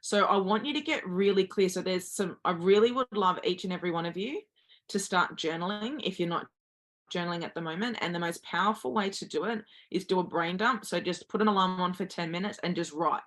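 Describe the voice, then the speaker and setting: A woman's voice: lowish voice, a little fast, fairly bright tone. A woman guest giving earnest motivational advice, speaking directly to listeners as a confidence coach.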